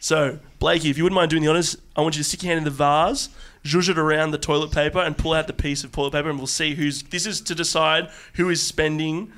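A man co-hosting a comedy podcast with a slightly high voice. He talks in a loose, jokey way and breaks into loud laughs and shouts easily. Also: steady tone, fast talker. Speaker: podcast co-host. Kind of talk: casual comedy podcast chat.

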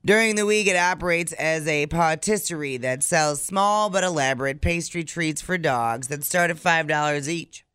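A man's voice: on the high side, normal speed, few pauses, sharp tone, smooth, no room sound. A man co-hosting a morning show podcast, reading out odd news stories with sardonic asides. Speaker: co-host. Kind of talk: casual morning show banter.

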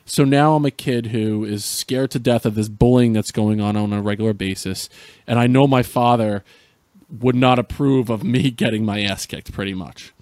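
A man's voice: medium pitch, moderate pace, a little mellow, no room sound. A middle-aged man from Central New Jersey, a podcast guest earnestly retelling a painful personal story with frequent restarts.

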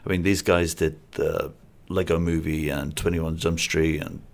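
A man's voice: very deep voice, level tone, normal speed, vocal fry. A man co-hosting a film review podcast, chatting casually and rambling a little with restarts and asides. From Singapore-based. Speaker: film critic podcast co-host.

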